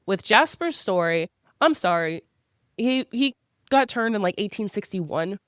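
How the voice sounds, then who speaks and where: A woman co-hosting a book club podcast in casual chat, animated and slipping into quick character voices as she talks. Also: mid-range voice, dry recording, studio quality. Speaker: podcast co-host.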